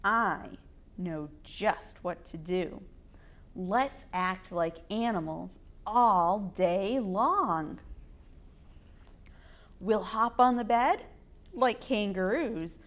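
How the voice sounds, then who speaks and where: Goofy sleepy storybook daddy, slow and lively, woman reading him out. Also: medium pitch. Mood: playful. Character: playful sleepy dad, grown man.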